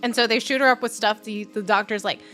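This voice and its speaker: A woman's voice: on the high side, steady tone, fast, sharp tone, soft background music. A woman co-hosting a casual podcast who gushes about a film and acts out its scenes in quoted voices. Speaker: podcast co-host. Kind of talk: casual chat.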